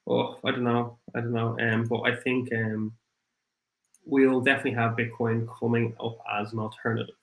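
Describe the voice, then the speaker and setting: A man with an Irish accent hosting a casual livestream, rambling and apologetic, his voice getting rough after hours of talking. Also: medium pitch, level tone, moderate pace, roomy sound, low-quality recording. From Ireland. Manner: rambling, apologetic, thinks aloud with many fillers. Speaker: crypto livestream host. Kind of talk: casual livestream chat, reading viewer comments.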